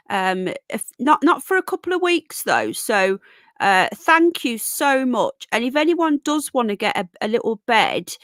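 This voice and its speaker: A woman's voice: mid-range voice, no room sound, clean studio sound. A tired, yawning woman hosting a casual live stream, chatting and greeting viewers by name as darling and sweetheart. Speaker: livestream host.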